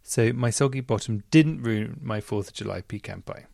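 Podcast host, man, enthusiastic chatterbox; deeper voice with some fry. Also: moderate pace, a little mellow, dry recording, studio quality. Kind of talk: casual chat reading listener messages.

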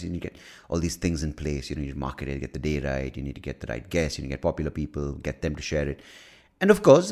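An American man with a very deep, gravelly voice delivers a loose solo podcast monologue. He rambles, swears freely and pokes fun at himself. His pitch swings widely from low grumbles to sudden high bursts. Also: a little mellow. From United States. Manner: rambling, profane, self-mocking. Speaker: podcast host. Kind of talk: casual monologue.

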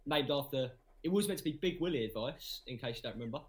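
A man's voice: mid-range voice, expressive, quick pace. A man from England, calling into a casual podcast, nervous and hesitant with stumbling restarts. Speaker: guest caller. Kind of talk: casual banter.

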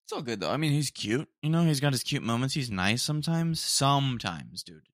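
A man's voice: medium pitch, expressive, quick pace, dry recording, clean studio sound. A young man hosting a podcast alone, rambling casually and saying "dude" a lot. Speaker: podcast host. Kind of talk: casual solo chat. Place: home room.

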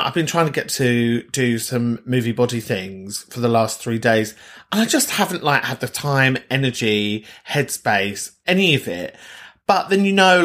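A man's voice: mid-range voice, fairly bright tone. A man hosting a podcast, chatting casually and swearing freely as he reacts to listener messages. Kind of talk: casual chat.

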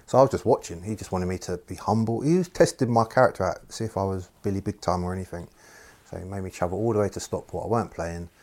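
A man's voice: deep voice, quick pace, a little mellow. A man, a former footballer, recalling his playing days in a plain-spoken, conversational interview. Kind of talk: interview reminiscence.

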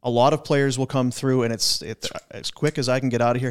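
A man's voice: mid-range voice, fairly even intonation, a little fast, clear, resonant tone. A man with a mid-range voice co-hosts a sports radio show in a studio. He talks in a chatty, loose way, often starting his sentences over. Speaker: radio co-host. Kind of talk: radio interview.

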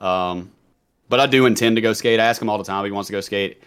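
A man's voice: on the low side, quick pace, fairly bright tone, clear, resonant tone. A man in his thirties with a mild Southern American accent, chatting casually as a podcast guest, rambling and laughing as he goes. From Southern United States. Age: 30s.

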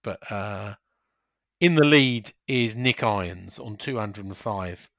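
A man's voice: fairly low pitch, takes it slowly, gravelly, fairly bright tone, no room sound, clean studio sound. A man hosting a casual football podcast, chatty, running through fixtures and scores. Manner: chatty, reads fixtures and scores, laughs often. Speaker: podcast host.

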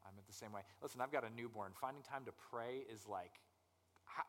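A young man preaching a conversational sermon as pastor, animated and acting out people's inner voices. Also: medium pitch, quick pace, long reverb tail.

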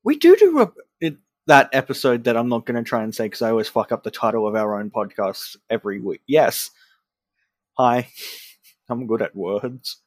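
A man chats loosely on a podcast, sounding worn out and poking fun at himself. His voice sits in an ordinary middle pitch. The sound is dry, with no room echo. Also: sing-song, normal speed. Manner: self-deprecating, tired and offhand. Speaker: podcast co-host. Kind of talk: casual chat.

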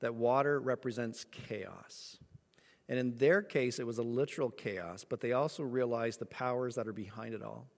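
A man preaching a sermon, telling a story with lively acted-out moments. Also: mid-range voice, moderate pace, vocal fry, long reverb tail. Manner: animated storytelling, acts out voices. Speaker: pastor.

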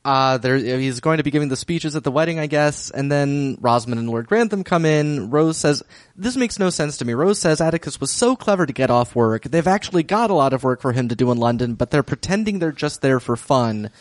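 Man with a lively voice, laughing recap. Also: fairly high pitch, brisk, dry recording, clean studio sound. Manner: wry, laughs often, summarizes plot. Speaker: podcast co-host. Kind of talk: casual recap chat.

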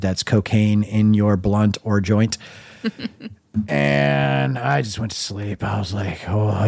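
A middle-aged man casually telling a long story on his own podcast, wry and laid-back, dropping to a low mumble when he quotes himself. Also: vocal fry, a little mellow, no room sound. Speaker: podcast host.

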